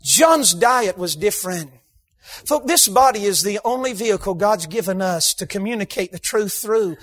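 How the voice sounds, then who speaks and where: A man preaching a sermon in a church, emphatic, bursting into shouts for emphasis and slipping in humorous asides. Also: sits high, animated, normal speed. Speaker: guest preacher. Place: church sanctuary.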